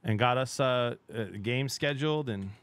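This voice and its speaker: Excitable middle-aged man chatting on stream. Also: mid-range voice, moderate pace, clean tone. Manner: chatty and excitable, laughs often, trails off mid-sentence. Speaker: game streamer. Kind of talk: casual live-stream chat.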